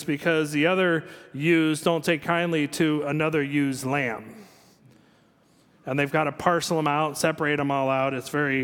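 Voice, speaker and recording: A pastor with a notably high voice preaches in a church, his words trailing off into a long hall reverb. He tells stories conversationally and drops in dry little jokes. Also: a bit bright. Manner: conversational storytelling with asides and small jokes. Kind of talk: sermon.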